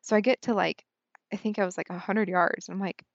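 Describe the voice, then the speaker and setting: A young woman telling a story in a casual, animated way, peppered with "like" and acting out her own thoughts. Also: mid-range voice, brisk, vocal fry, no room sound, lo-fi sound. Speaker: podcast guest, hunter.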